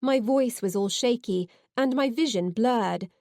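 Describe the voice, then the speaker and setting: Slow, expressive woman reading a novel. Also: on the high side, gravelly, dry recording, studio quality. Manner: expressive, heartfelt. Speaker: audiobook narrator. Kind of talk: first-person audiobook narration.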